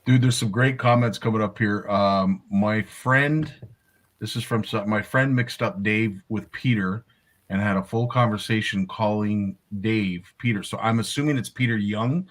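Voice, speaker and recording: A man's voice: fairly low pitch, moderate pace. A man hosting a live fishing show, reacting with short interjections and reading viewer comments aloud in casual chat.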